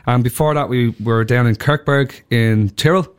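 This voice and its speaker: An Irish man, a touring musician, chatting in a relaxed, friendly way with many fillers in a radio studio interview. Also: mid-range voice, normal speed, smooth. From Ireland. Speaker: musician guest. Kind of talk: casual interview chat.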